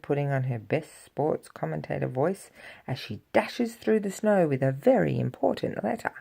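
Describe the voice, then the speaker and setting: A woman reading a children's storybook aloud to a child, with lively, expressive delivery and spoken sound effects. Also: sits low, normal speed, vocal fry, slightly rough.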